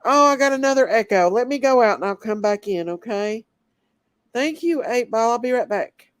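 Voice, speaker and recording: Her voice a touch high and expressive, a woman moves at a moderate pace through a casual livestream, calling out each viewer's name in succession. She is sick and recovering, and the audio has no echo.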